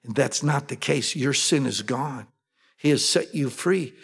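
A man preaching a sermon, reading and explaining scripture in a conversational way that swings from emphatic to hushed. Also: medium pitch, a little slow, gravelly, husky. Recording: long reverb of a large hall.

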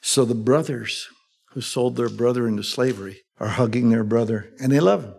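A male preacher giving a sermon. He reads scripture with rising excitement and adds folksy asides. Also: mid-range voice, moderate pace, gravelly, slightly rough. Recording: long echoey hall reverb.

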